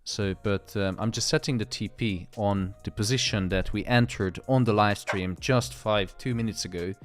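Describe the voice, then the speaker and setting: A man's voice: lowish voice, normal speed. A man hosting a live trading stream, chatting casually and joking with guests over a call. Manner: joking, laid-back banter.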